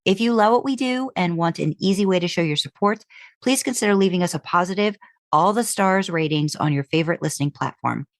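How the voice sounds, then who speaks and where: A woman co-hosting a podcast in a casual chat, playful and quick to laugh, who likes to play with words. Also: lowish voice, no echo, clean studio sound. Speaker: podcast co-host.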